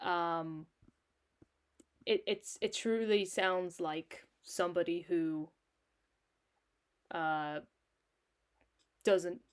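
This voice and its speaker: An Irish woman streaming a solo tabletop game, narrating and breaking off into chatty, self-mocking asides. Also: lowish voice.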